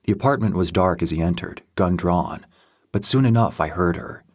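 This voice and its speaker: A man with a deep, low voice reads a first-person audiobook in a steady, measured way. The recording is dry and close, with no room sound. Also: no room sound. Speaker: audiobook narrator.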